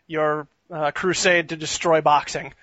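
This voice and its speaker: Wry male co-host, high bright voice, dry muffled sound. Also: flat delivery, unhurried, no room sound. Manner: wry, reads fight cards out. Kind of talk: casual chat.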